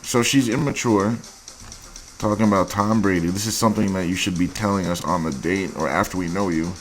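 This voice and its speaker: A man's voice: low-pitched, fairly quick, a little hiss or hum. A man hosting a dating advice show, giving blunt, crude and mocking commentary on dating profiles.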